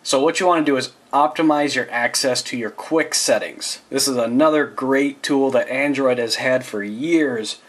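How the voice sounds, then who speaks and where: A man's voice: medium pitch, moderate pace, hardly any pauses, fairly bright tone. A man giving a casual phone setup tutorial as a tech reviewer. He speaks loosely and chattily, with asides and restarts, and talks straight to his viewers.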